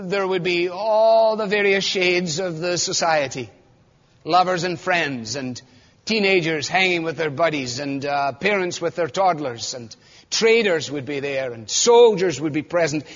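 A man with a high voice preaches a sermon, working through scripture and putting rhetorical questions to his listeners. He builds toward fervent emphasis. The sound is dull and muffled, with a long reverb from the hall around him.

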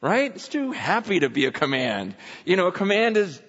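A man preaching a sermon in a church, conversational and animated, often acting out voices from the text. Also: sits high, moderate pace. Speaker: pastor. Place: church sanctuary. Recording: muffled hall recording with long reverb.

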